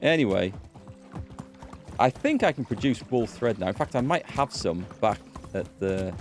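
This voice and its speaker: A man's voice: medium pitch, lively intonation, normal speed, faint music behind. A British man streaming a game, chatting casually, answering his chat and laughing easily. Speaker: let's play gamer and streamer. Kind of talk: casual live-stream commentary.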